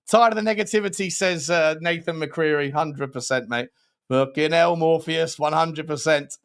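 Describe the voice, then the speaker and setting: Young guy chatting on a live stream, a bit high voiced, swears a lot, laughs a lot, reads chat out. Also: steady tone, normal speed, a bit bright. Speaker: host.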